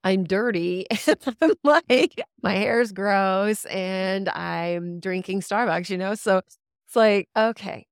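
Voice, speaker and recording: A woman talking casually as a podcast guest, animated and candid, laughing often and swearing now and then. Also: medium pitch, slow pace, clean tone, dry recording, studio quality.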